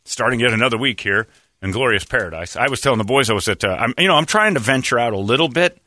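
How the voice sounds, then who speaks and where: A man's voice: mid-range voice, expressive, fast talker, bright, forceful tone, no echo. A man hosting a morning radio show, telling a rambling, self-deprecating story in casual chat and laughing often.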